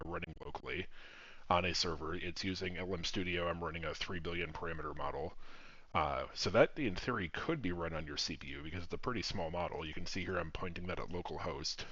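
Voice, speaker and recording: A man demoing his own software project in a casual screen recording, explaining each step and swearing now and then. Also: low-pitched, no room sound, dull audio.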